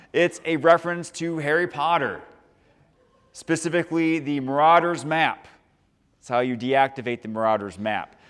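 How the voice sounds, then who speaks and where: A man giving a lively, upbeat motivational talk to a high school audience and asking the crowd questions. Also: clear, resonant tone. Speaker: motivational speaker. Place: large school hall. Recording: long reverb from a large hall.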